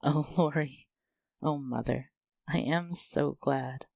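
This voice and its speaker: A man's voice: mid-range voice, fairly even intonation, moderate pace, no echo, lightly acted. A man reading as Jo, a tender-hearted young woman. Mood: overjoyed. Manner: emotional, pleading then joyful.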